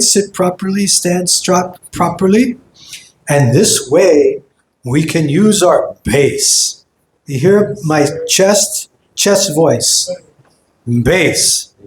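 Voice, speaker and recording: A man teaching kirtan gives a singing workshop lecture, demonstrating with sung vowels for the group. He speaks in a high pitch, and the hall-echo recording carries a little hiss or hum.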